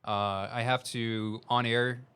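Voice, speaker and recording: A man's voice: mid-range voice, little pitch movement, takes it slowly, bright, forceful tone, smooth. A man from Missouri with a Southern Missouri accent, speaking as a meteorologist during live severe weather coverage. His delivery is urgent and conversational, and he reads updates aloud as they come in.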